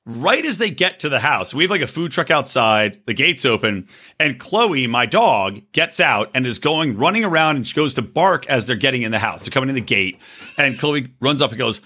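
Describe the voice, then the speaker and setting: A man in his thirties hosting a comedy podcast, telling stories in a blunt, profane, animated way. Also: medium pitch, fairly quick, slightly rough. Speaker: podcast host. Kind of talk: casual comedy podcast banter.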